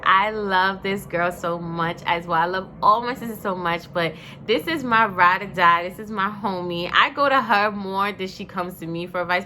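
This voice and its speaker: Bright-voiced woman gushing over family. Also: medium pitch, a little hiss or hum. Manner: emotional, effusive, gushing with praise. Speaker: vlogger honoring her family. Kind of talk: heartfelt personal tribute.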